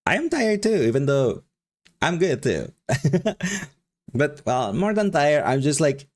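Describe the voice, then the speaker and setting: A man's voice: a little high, very animated, slow. Chatty streamer man with a Mexican accent. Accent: Mexican Spanish. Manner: rambling, chatty, laughs often, frequent restarts. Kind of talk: casual chat with live chat.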